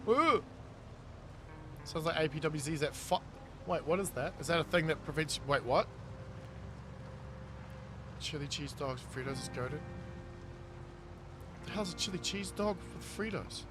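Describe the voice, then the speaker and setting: Kiwi male streamer, high bright voice, chatty chat-reader, faint music under. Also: expressive, a little slow, pauses often. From New Zealand. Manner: reads chat aloud and riffs on it, laughing often. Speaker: gaming streamer. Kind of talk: casual live-stream chat.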